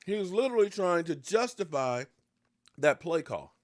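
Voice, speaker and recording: Joking, animated sports-rant host, a man. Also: moderate pace, no room sound, studio quality. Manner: animated, joking, swings from low mutters to excited outbursts; eating pie while talking.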